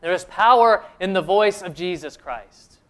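A man preaching a sermon in an earnest way, asking the listeners questions and slowing down to stress key phrases. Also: high voice, animated, a bit bright. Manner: earnest preaching, rhetorical questions, slows for emphasis. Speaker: pastor.

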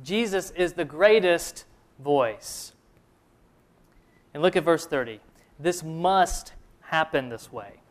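A man preaching a sermon in an earnest way, asking the listeners questions and slowing down to stress key phrases. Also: a little high, expressive. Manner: earnest preaching, rhetorical questions, slows for emphasis. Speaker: pastor.

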